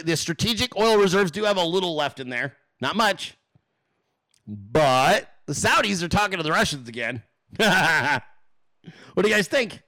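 His voice sits high and sounds pushed and bright. He's a show host doing political commentary on a livestream, ranting with profane sarcasm and taunting his audience with rhetorical questions.

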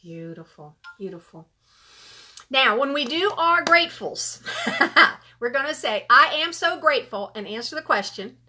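Speaking at a normal speed in a high-pitched, sharp voice, this middle-aged workshop leader guides a live online gratitude session. She stays upbeat and encouraging, repeats affirmations, and responds to comments she reads from the chat.

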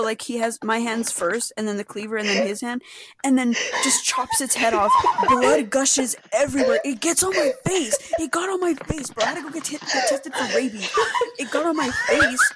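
A young woman telling a story in casual chat, animated and full of swearing. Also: high-pitched. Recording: loud background noise.

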